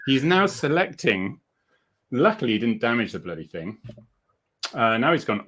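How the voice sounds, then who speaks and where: A man's voice: mid-range voice, very animated, normal speed, long pauses, a bit bright, husky. A man hosting a casual live video chat, chatty and self-deprecating and laughing often. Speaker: host.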